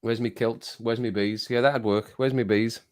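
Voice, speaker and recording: A man's voice: medium pitch, steady tone, normal speed, a little mellow. Jokey man chatting on a live stream. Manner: jokey and teasing, laughs often, repeats phrases. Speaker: livestream host reading chat. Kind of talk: casual live-stream chat.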